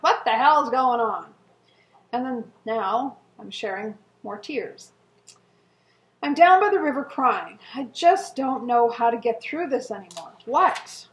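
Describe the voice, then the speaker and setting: A middle-aged woman reading her old journal entries aloud to viewers in an earnest, emotional way, with soft laughs and sighs. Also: on the high side. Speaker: co-host. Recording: echoey room.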